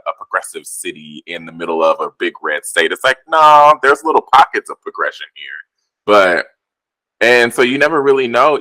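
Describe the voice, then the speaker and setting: Deep-voiced host, bright and dry. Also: male voice, dry recording, rough recording. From St. Louis area. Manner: supportive, frequent short agreements. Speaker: podcast host. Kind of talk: casual conversation.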